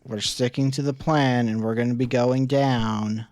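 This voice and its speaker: A man streaming a game live, reading its text aloud in an unhurried, musing way and turning flustered when something breaks. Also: medium pitch, steady tone, darkish tone.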